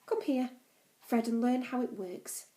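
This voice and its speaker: A woman voicing a brisk, gruff adult male jungle explorer who gives blunt, commanding instructions. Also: a little high, mellow, pitched above the performer's own voice, lightly acted.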